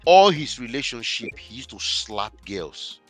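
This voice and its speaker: A man's voice: medium pitch, sing-song, measured pace, music in the background. A man working as a marriage coach tells a client story in a podcast interview, stressing his points by repeating key phrases.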